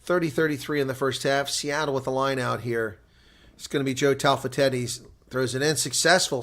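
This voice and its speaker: A man calling a rugby game live for his stream audience, sounding tired after a long day. His voice sits in a middle register, neither deep nor high. He moves loosely between play-by-play and chatty asides to viewers. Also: fairly even intonation, brisk, fairly bright tone. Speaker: host and play-by-play commentator. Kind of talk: live play-by-play reaction commentary.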